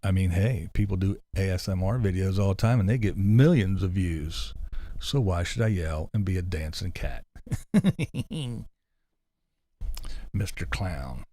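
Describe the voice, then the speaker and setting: A man's voice: low voice, lively intonation, unhurried, long pauses, warm tone, no room sound. A man hosting a casual livestream, reading comments and answering with rambling, sarcastic asides, speaking close into a desk mic. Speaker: livestream host. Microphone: close desk mic with headphones.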